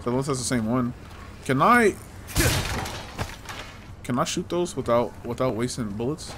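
A man's voice: medium pitch, expressive, normal speed, background noise. A man giving loose, casual commentary while playing a game, talking to himself and teasing the hero, with frequent swearing. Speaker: gameplay streamer.

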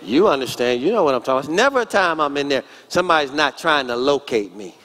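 A man's voice: on the high side, animated, fast, fairly bright tone. A pastor in his forties preaching a sermon in church, emphatic and calling out to the congregation. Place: church sanctuary.

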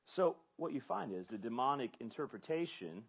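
A man's voice: medium pitch, sing-song, normal speed, vocal fry, husky. A male pastor preaching an expository sermon with emphatic delivery, acting out the lines he quotes. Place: church.

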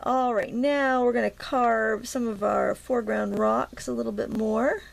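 A woman's voice: fairly high pitch, steady tone, measured pace, creaky. Chatty woman with a Maine accent. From Maine, USA. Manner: chatty, self-talking while painting, playful asides. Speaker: watercolor instructor. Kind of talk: casual painting tutorial.

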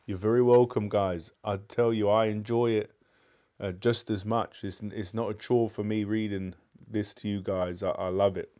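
Male live-stream reader, relaxed low tone, friendly asides between story passages. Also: normal speed. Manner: chatty and appreciative asides. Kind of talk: reading aloud live and chatting with viewers.

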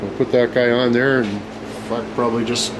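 A man's voice: mid-range voice, fairly even intonation, normal speed, background noise. Profane rowdy man. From Canada. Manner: profane, rowdy banter with loud outbursts. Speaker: vlogger. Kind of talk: casual vlog chat.

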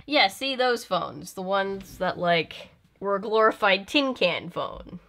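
A woman's voice: medium pitch, expressive, slow, fairly bright tone, a little hiss or hum. Young Southern woman, sarcastic reaction host, chatty, occasional swearing. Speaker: video host. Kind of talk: casual reaction commentary.

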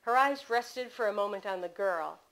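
A woman author reading aloud from her mystery novel at a bookstore, in steady storytelling narration. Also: medium pitch, normal speed, low-quality recording.

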